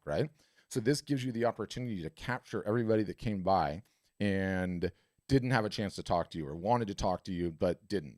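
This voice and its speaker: A man's voice: lowish voice, darkish tone, dry recording, studio quality. A man hosting a webinar, coaching a caller emphatically and ending points with "right?". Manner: emphatic, salesy, repeated "right?" tags. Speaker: webinar host and art business coach. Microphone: video call.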